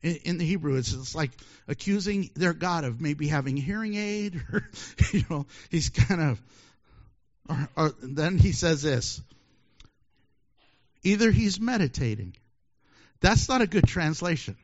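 A high-pitched male preacher delivers a sermon full of jokes, his voice leaping up and down as he acts out the scene. He laughs often between lines. The recording sounds dull and lo-fi. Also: lively intonation, a little slow. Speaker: pastor.

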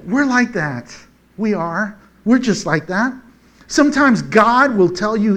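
A preacher with a notably high voice gives a casual, conversational sermon at a slow pace. His manner is folksy and animated, and he often chuckles between points.

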